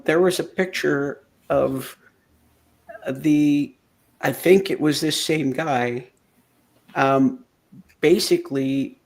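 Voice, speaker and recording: A man co-hosting a casual chat, asking questions hesitantly with fillers like "um". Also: medium pitch.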